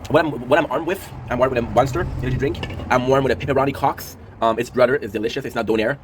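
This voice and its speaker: A man's voice: medium pitch, fast talker, a little hiss or hum. A man in his thirties hosting a casual commentary show, rambling emotionally with lots of fillers and swearing. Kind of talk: casual chat to camera.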